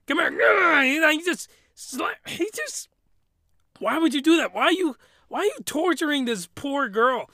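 A man hosting a casual solo podcast review, telling it in a crude, rambling, animated way into a podcast microphone. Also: extremely high pitch, no echo, clean studio sound. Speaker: podcast host.

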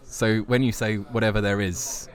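A man's voice: lowish voice, little pitch movement, moderate pace. A man co-hosting a podcast from a pub, teasing his partner with dry remarks and laughing often. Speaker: podcast co-host. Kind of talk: casual chat.

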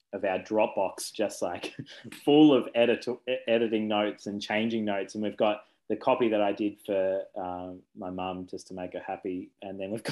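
A man's voice: on the low side, a little mellow, rough recording. A man, a children's book author chatting casually in an interview, rambling and self-correcting, laughing easily.

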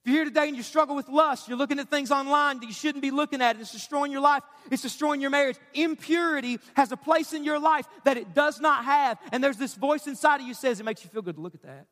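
A man's voice: very high voice, quick pace, hardly any pauses, a bit bright. A man preaching a sermon to a congregation, urgent and emphatic. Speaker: pastor. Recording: live hall with long reverb.

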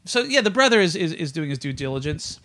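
Bright, high-voiced man riffing on a film. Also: fast talker. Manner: animated, swears freely, trails off and restarts. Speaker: film podcast panelist. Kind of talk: casual film discussion. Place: video store.

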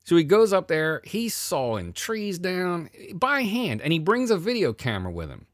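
A man telling a profane story in casual chat, animated, his voice swinging between loud outbursts and quiet asides. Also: sits high, normal speed, dry recording, clean studio sound.

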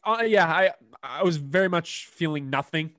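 A young man co-hosting a casual podcast who agrees readily and laughs often. His voice is on the higher side for a man. It is recorded dry and close, with no room sound. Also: moderate pace, sharp tone, no echo. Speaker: podcast co-host. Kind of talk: casual recap chat.

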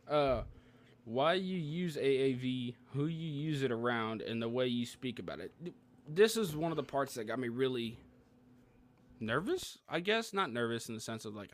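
A young man talking on a podcast in a casual, heated way. His pitch sits in a middle range but jumps around a lot as he argues, reading a passage aloud and then picking it apart. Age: young adult. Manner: animated, reads from a page and argues back. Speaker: podcast co-host.

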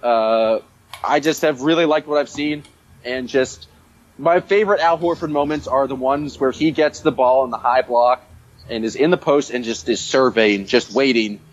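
A man's voice: mid-range voice, moderate pace. A man co-hosting a casual sports podcast, talking with enthusiasm and rambling through fillers. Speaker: podcast co-host. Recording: dull, dry lo-fi sound.

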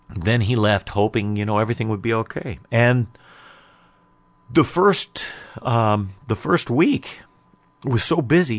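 A man's voice: on the low side, no echo. Man telling a joke in a dry room. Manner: conversational, rambling, with many fillers. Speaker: storyteller. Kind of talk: casual spoken joke-telling.

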